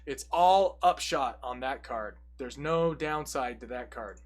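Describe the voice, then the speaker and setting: A young man casually walking through a card game deck, reading each card's text aloud and adding quick, jokey asides. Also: mid-range voice, animated. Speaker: deck tech presenter.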